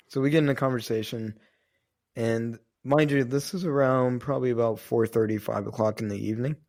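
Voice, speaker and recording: A man's voice: lowish voice, vocal fry, darkish tone. A man co-hosting a podcast, telling a story in a rambling, casual way, with many fillers and some swearing. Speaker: podcast co-host.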